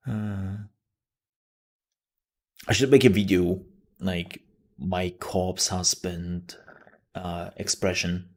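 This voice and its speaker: A man's voice: low-pitched, fairly even intonation, very slow, long pauses, a little mellow. A man streaming live, chatting casually and joking often.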